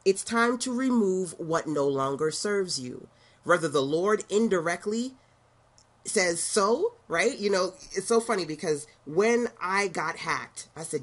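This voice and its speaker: A middle-aged woman speaks as a motivational business coach in a sassy, preaching, conversational way. Her voice is husky and sits a little low for a woman. She drops slangy asides as she talks. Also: animated, measured pace. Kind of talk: motivational talk to camera.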